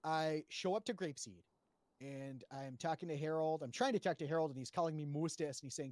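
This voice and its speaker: A man with a fairly high voice recounts his side of a roleplay story to a panel in loose casual speech. He rambles, swears freely and keeps restarting his sentences. The sound is close and dry. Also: a little fast, darkish tone, no echo. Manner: rambling, profane, full of fillers and restarts. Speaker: roleplay player giving testimony to a panel. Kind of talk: casual spoken retelling of roleplay events.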